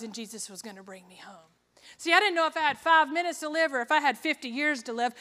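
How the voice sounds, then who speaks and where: Woman, high bright voice, earnest testimony, big reverberant hall. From Georgia, USA. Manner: earnest, heartfelt storytelling. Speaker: speaker giving a faith testimony. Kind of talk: personal testimony talk.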